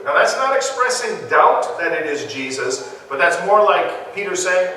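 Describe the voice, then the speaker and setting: Recorded from far off in an echoey church hall, a man with a high, sing-song voice and a sharp tone leads an interactive Bible study at a measured pace. He questions his listeners conversationally and laughs along with them.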